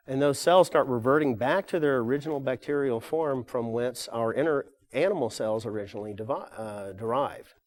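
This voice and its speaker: A man's voice: mid-range voice, normal speed, hardly any pauses. An older man giving a live lecture to an audience, rambling along with frequent fillers and self-corrections.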